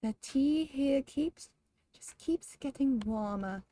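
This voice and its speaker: A woman's voice: high-pitched, expressive, takes it slowly, warm tone. A young woman streaming a game, chatting casually, rambling, laughing often and swearing offhandedly. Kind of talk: casual chat while gaming.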